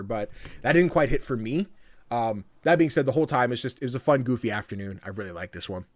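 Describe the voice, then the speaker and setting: A man hosting a casual podcast, talking in an animated way, laughing often and acting out voices as he retells things. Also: medium pitch, quick pace, no room sound. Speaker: podcast host.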